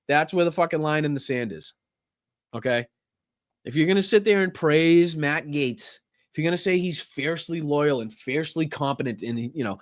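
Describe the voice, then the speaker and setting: A man's voice: on the high side, no echo, studio quality. A man hosting a political livestream, ranting angrily and swearing constantly, with stammering restarts. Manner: angry, profane, heated ranting. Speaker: political commentary host.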